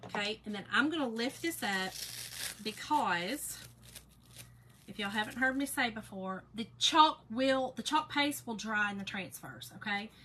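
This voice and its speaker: While crafting at a table, a middle-aged woman chats with her livestream audience in a down-home, casual way. Her voice is clear, bright, a little high and expressive, and she takes her time. A faint hiss runs beneath the recording.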